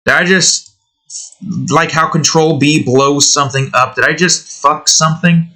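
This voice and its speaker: Man, American, bright forceful voice, rambling game-building commentary, jokey, cussing, talks to on-screen objects. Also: a little high, steady tone, measured pace, soft background music. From United States. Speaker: hobby game developer.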